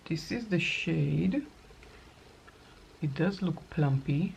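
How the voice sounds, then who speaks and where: A middle-aged woman with a low, gravelly voice talks through her makeup in an unhurried way. It is a casual get-ready-with-me chat in which she thinks aloud as she works. A faint hiss sits behind her. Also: animated, darkish tone. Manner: chatty, thinking aloud while applying makeup. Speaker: makeup vlogger.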